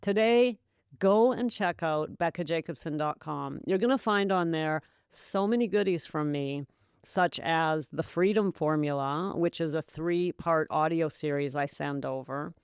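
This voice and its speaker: A woman hosting her own sobriety podcast, chatting to listeners in an encouraging, easygoing way with frequent laughs. Her voice is smooth and clear, recorded close and dry. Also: sits low, a little slow, no echo. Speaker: podcast host and sobriety coach. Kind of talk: casual solo podcast talk.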